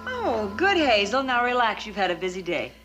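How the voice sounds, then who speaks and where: A man's voice: sits high, sing-song, normal speed, lo-fi sound, loud music behind the voice, voice pushed up. A man voicing a genial middle-aged head of the house, soothing and fatherly.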